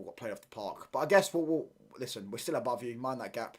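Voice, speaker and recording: A man's voice: medium pitch, expressive, quick pace, hardly any pauses. A man, ranting in heavy slang and repeating himself as he hosts a live football watchalong stream.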